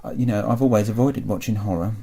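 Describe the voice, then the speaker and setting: Male interview guest, dark gravelly tone, hesitant casual answers. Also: fairly low pitch, fast talker. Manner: hesitant, rambling, laughs easily.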